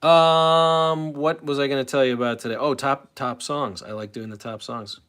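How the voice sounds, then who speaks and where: A man's voice: medium pitch, steady tone, normal speed, fairly bright tone, clean tone. A man in his late forties hosting a live stream, chatting casually in a rambling, self-interrupting way and answering chat. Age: late 40s.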